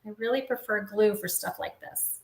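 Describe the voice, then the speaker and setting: A woman's voice: mid-range voice, fairly even intonation, moderate pace, darkish tone, roomy sound, a little hiss or hum. A woman in her fifties casually demonstrating a papercraft project, explaining each step as she works. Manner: chatty, explains step by step while working. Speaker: papercraft instructor.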